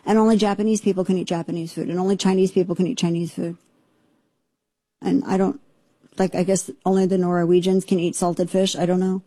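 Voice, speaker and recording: A woman hosts a talk radio show in a low, mellow, slightly husky voice. She rambles in an indignant, sarcastic tone. The sound is dry and close on a studio microphone. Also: flat delivery, a little fast, no room sound. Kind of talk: opinionated talk radio monologue.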